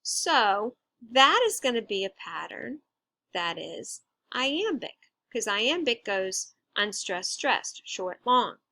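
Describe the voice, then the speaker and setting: A woman's voice: a little high, big pitch swings, slow, creaky, sharp tone, no echo. A woman teacher explaining a lesson patiently, step by step, with casual fillers. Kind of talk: instructional explanation.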